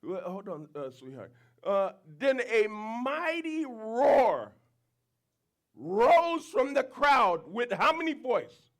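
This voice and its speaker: Animated preacher man. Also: extremely high pitch, slow pace. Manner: animated, switches between English and Creole, acts out crowd voices. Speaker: pastor. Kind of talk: bilingual sermon.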